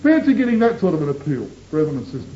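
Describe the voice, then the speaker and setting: Male preacher, high mellow voice, impassioned sermon, dull old recording. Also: big pitch swings, racing. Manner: impassioned, swings between soaring and hushed. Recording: dull lo-fi tape with faint rumble.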